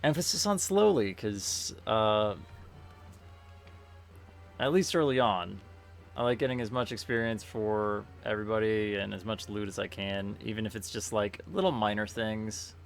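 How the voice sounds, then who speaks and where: A man streaming a tactics game, thinking aloud in a relaxed, casual way with many fillers. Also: lowish voice, measured pace, gravelly. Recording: faint game music behind.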